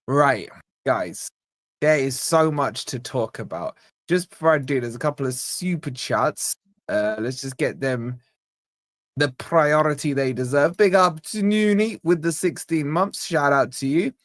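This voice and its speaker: An upbeat man hosting a live stream, chatting casually and reading out super chats with shout-outs. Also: a little high, measured pace, no room sound, clean studio sound.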